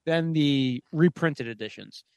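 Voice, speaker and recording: A man's voice: on the high side, unhurried, clear, resonant tone, no room sound. A man co-hosting a podcast, telling a casual, profane, rambling story full of "like" fillers. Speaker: podcast co-host.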